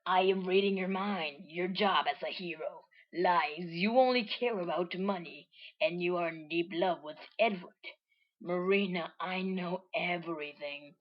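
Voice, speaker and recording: A woman voicing a smug mind-reading villain, speaking slowly and flatly in her own low voice. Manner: slow, deliberate, flat delivery. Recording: dull lo-fi recording.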